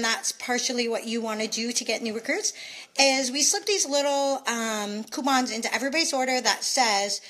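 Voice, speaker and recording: A woman's voice: fairly high pitch, a bit bright, poor audio. A woman from Canada chatting casually into her phone, sharing recruiting tips with many fillers. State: out of breath. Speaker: direct sales team leader. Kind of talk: casual live video chat.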